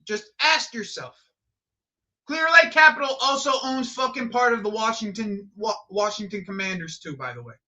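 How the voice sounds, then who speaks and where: A man's voice: sits high, lively intonation, normal speed, bright, forceful tone. A man hosting a live football watch-along stream, rambling and swearing, repeating himself and blurting out reactions to the play.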